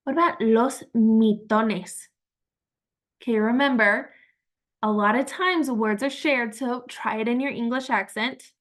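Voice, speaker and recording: A woman teaching vocabulary in a slow, patient, encouraging way, repeating each word and praising the learner. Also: fairly high pitch. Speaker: Spanish teacher. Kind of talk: slow vocabulary lesson with pauses.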